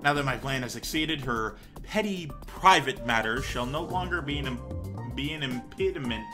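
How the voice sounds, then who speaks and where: A man's voice: medium pitch, animated, moderate pace, over music, natural voice. A man voicing a young self-styled mad scientist who makes theatrical villainous proclamations. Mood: grandiose.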